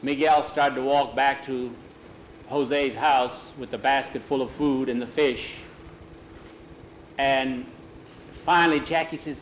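A man's voice: mid-range voice, takes it slowly, pauses often. Folksy male storyteller in a roomy space. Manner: relaxed folksy telling, slips into broken-English character voices. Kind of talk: oral storytelling, voicing characters. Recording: roomy, faint ambient noise.

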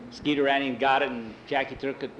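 A male storyteller with a mid-range voice, folksy and unhurried. He tells a homespun western tale the way one would out loud. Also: mid-range voice, a little hiss or hum, poor audio. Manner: folksy, relaxed. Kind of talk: oral storytelling.

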